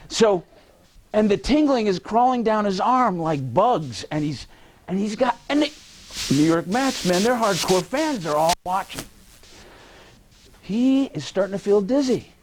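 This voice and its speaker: Guy lecturing a class, pitch jumping all over, cracks jokes and fires questions at the room. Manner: lively, joking, quizzes the audience. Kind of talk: university lecture. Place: lecture hall.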